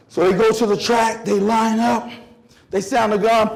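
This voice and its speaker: A middle-aged man giving a conference keynote, telling a story that swings from loud bursts to hushed lines. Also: sits high, level tone, moderate pace, creaky. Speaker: motivational speaker. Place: conference hall.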